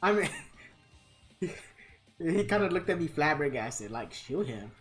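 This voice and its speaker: A man's voice: on the high side, big pitch swings, measured pace, a bit bright, soft background music. A man live streaming a game, telling a rambling story casually and laughing often as he acts out the people in it.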